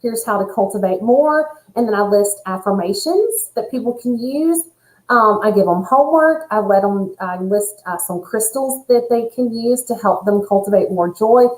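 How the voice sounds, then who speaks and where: A woman's voice: medium pitch, moderate pace. Nurse lady chatting about spirit stuff, earnest, echoey room. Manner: animated, earnest, spiritual phrasing. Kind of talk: casual chat.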